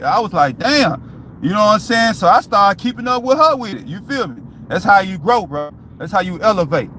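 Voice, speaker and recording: A man's voice: high voice, a bit bright, slight background noise. A man vlogging to his viewers in a loose, profane motivational talk, repeating "you know what I'm saying" often. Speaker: YouTube vlogger.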